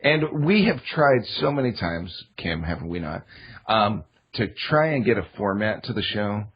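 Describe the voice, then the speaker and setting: A man's voice: on the low side, lively intonation, moderate pace, slightly rough, dull audio. A man on a podcast chatting casually as a guest, rambling with many fillers. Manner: rambling, filler-heavy storytelling.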